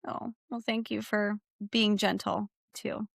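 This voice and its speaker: A woman's voice: mid-range voice, little pitch movement, slow pace, vocal fry, no echo, studio quality. A woman speaking as a guest on a livestream discussion. She talks earnestly and reflectively in long, flowing sentences. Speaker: guest, bereaved parent.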